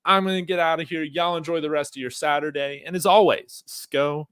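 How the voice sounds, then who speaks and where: A man's voice: on the high side, fairly even intonation, fairly quick, fairly bright tone, clean tone, dry recording, clean studio sound. Chatty male sports fan host. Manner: chatty, frequent fillers and restarts; addresses viewers directly. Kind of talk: livestream watch-along commentary.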